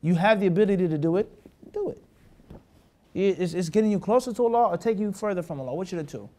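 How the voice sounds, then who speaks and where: A man's voice: sits high, fast talker, dark tone, slight background noise. A man teaching a classroom hadith lesson, mixing Arabic terms into his English and often stopping to check that his students follow. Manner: asks the class rhetorical check questions. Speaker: Islamic teacher.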